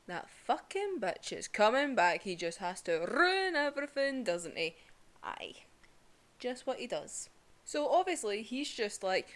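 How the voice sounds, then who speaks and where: A woman giving a casual manga review, excitable and sweary. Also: fairly high pitch, normal speed. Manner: excitable, sweary, laughs often.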